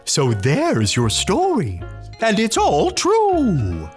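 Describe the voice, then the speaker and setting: A woman's voice: mid-range voice, wildly swooping pitch, extremely slow, darkish tone, soft background music, exaggerated voice. A woman voicing a friendly owl puppet who tells rhyming stories and hoots. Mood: gentle. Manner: rhyming sing-song storytelling with hooting.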